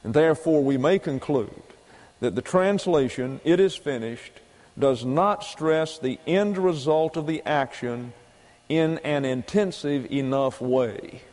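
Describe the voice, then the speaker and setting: A man's voice: fairly high pitch, slow pace, darkish tone. A man preaching a doctrinal sermon, explaining Greek grammar point by point and repeating key phrases for emphasis. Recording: long hall reverb.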